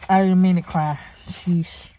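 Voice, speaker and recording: A woman's voice: fairly low pitch, fairly even intonation, a little slow, warm tone. A woman vlogger chatting to her viewers in a heartfelt, faith-filled way, calling them honey and y'all. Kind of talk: casual chat to camera.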